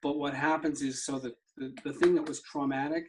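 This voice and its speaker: This guest, a middle-aged somatic therapy practitioner, has a fairly high-pitched voice and a flat, brisk delivery, with background noise audible. He recounts a personal story conversationally, vividly performing the remembered dialogue.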